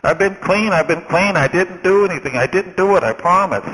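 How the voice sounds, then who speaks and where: A man's voice: a little high, fairly quick, sharp tone, long reverb tail, pitched above the performer's own voice, low-quality recording. A man doing a jittery, frightened ex-con forger. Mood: panicked. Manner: panicked, pleading.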